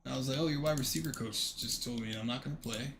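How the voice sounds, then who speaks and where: A man's voice: medium pitch, quick pace, creaky, a bit bright, slight background noise. A man streaming a game, telling a story casually and animatedly, swearing freely and acting out the dialogue.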